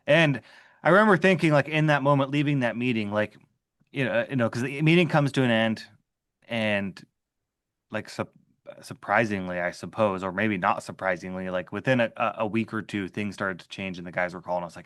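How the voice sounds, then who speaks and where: In an interview, a man who used to work as an HR manager recounts a workplace story casually, leaning heavily on "like" and starting his sentences over. His voice is fairly low, fairly bright and expressive, a little fast. It's clean studio audio with no room sound.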